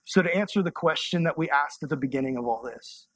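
A young man preaching a sermon as a youth pastor, conversational and impassioned, sometimes dropping to soft, intimate tones. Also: a little high, animated, fast talker, breathy edge, no echo.

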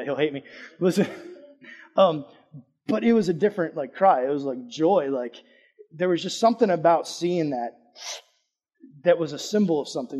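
A man's voice: a little high, moderate pace, long pauses. Chatty man giving a casual sermon. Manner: chatty, conversational, asks the audience questions; lively, swings between loud emphasis and hushed asides.

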